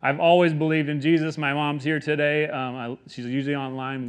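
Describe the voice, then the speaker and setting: A man's voice: fairly high pitch, level tone, a little fast, clean tone. Earnest male pastor preaching. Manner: earnest, conversational, swings from quiet to emphatic. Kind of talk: sermon.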